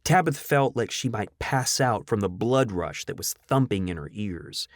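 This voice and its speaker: A man narrating an audiobook in a dramatic, expressive storytelling manner. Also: lowish voice, normal speed, no room sound, clean studio sound.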